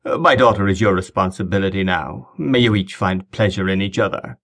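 A man's voice: low-pitched, brisk, vocal fry, a bit bright, heavily acted. Contemptuous villain marquess, mocking drawl, read by a male narrator. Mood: dismissive. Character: sneering, menacing older male marquess.

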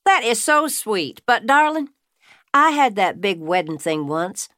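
A woman narrator voicing a playful, gossipy woman who talks up a bit louder and higher than the narration. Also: sing-song, measured pace, no room sound, studio quality. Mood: teasing. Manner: playful, teasing, louder and livelier. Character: teasing Southern woman customer, gossipy and warm.

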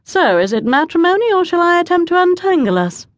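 Woman reading as a dry-witted young gentleman, teasing, amused, lively lilt, dry sound. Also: very high-pitched, a little fast, no echo, dull audio, voice pushed up.

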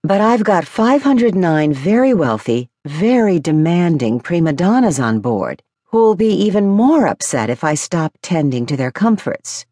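A woman's voice: on the low side, sing-song, a little slow, few pauses, dark tone, dry recording, clean studio sound, voice pushed up. A woman voicing a poised, amused madam in charge of a luxury ship, speaking with teasing self-assurance in an audiobook. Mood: wry. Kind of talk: audiobook character voice.

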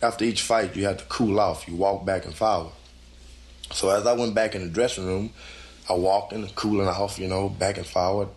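Guy preaching a live testimony, folksy and loose, jumps higher and louder when he acts out his thoughts. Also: normal speed. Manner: animated storytelling, acting out his own inner voice in a higher, louder tone; folksy, loose conversational phrasing.

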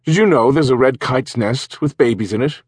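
A man's voice: mid-range voice, moderate pace, breathy edge, no room sound, studio quality, pitched above the performer's own voice, close to an everyday voice. A man voicing a good-natured young village constable with a teasing manner. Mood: friendly.

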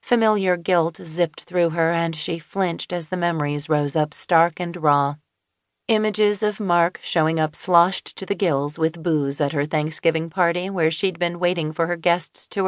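A woman narrating an audiobook in a measured way, with dry inner asides. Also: fairly low pitch, no echo. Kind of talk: scripted narration. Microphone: close studio mic.

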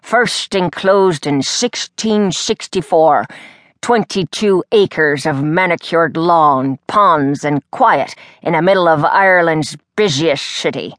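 A woman voicing a male Irish carriage driver who speaks in a lilting brogue with a lisp, in a slow tour-guide way. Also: fairly high pitch, fairly bright tone, no room sound, clean studio sound. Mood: informative.

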